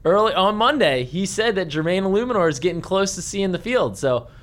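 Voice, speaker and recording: Male sports co-host, high lively voice, jokey. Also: fairly quick. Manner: jokey, animated. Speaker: podcast co-host. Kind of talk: casual sports talk.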